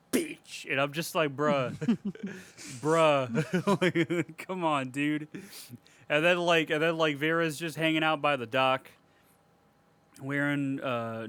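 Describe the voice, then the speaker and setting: A man's voice: fairly high pitch, clean tone. A man co-hosting a podcast, retelling a movie in casual chat with profane jokes and laughter. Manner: profane, joking, animated retelling. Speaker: podcast co-host.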